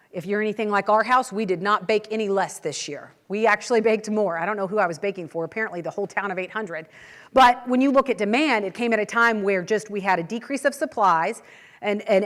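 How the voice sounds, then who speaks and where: An American woman and agriculture news host giving a conference talk, telling stories in a chatty way with frequent restarts. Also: on the high side. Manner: chatty storytelling with repeated words and restarts. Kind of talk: conference presentation. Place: meeting hall. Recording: long hall reverb.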